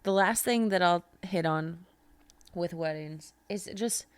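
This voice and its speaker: Young woman podcast host, chatty and animated; slightly low voice, dry close sound. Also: takes it slowly, clean tone, no room sound. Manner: chatty, animated storytelling with frequent "like". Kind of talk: casual chat.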